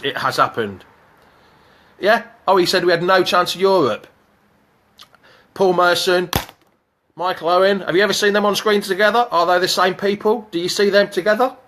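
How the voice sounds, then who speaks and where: Chatty male fan-show host, higher voice. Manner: chatty, excitable, jokey banter with viewers. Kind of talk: live chat reading viewer comments.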